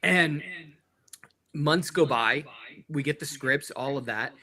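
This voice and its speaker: A man who is a guest on a podcast, a TV executive and voice actor, telling stories in casual chat, animated and often laughing. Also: fairly high pitch, slow pace.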